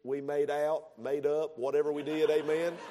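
A man preaching a sermon as pastor, building to loud, emphatic passages. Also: on the high side, level tone, moderate pace, a little hiss or hum. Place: church sanctuary. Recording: long echoing reverb of a church hall.

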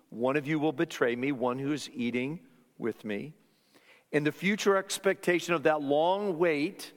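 A man preaching a sermon, earnest and emphatic, sometimes dropping to hushed tones. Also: mid-range voice. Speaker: pastor. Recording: long hall reverb.

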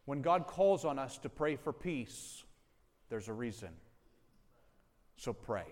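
A man's voice: mid-range voice, lively intonation, takes it slowly. A man preaching a sermon as pastor, speaking earnestly and directly to his congregation. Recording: long hall reverb.

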